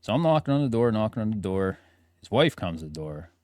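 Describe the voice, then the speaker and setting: A man co-hosts a podcast with animated, casually profane storytelling. His voice sits somewhat low, and it is captured dry and close with no room echo. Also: fast. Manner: animated anecdote teller, swears casually. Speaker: podcast co-host. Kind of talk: casual chat.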